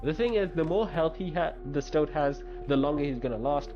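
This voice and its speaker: A man streaming a card game, thinking aloud and reacting quickly in casual commentary. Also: a little high, animated, highs cut off. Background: game music.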